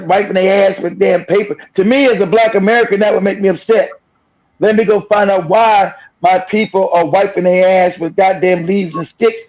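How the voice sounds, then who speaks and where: A man with a high, slightly mellow voice hosts a streamed reaction show, offering blunt, profane commentary and laughing often. The stream audio is dull and lo-fi.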